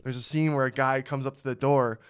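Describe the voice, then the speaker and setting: A man's voice: mid-range voice, fairly even intonation, brisk, clear, resonant tone. A young man hosting a podcast, asking questions in casual, eager chat. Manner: eager interviewer, chatty. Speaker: podcast host.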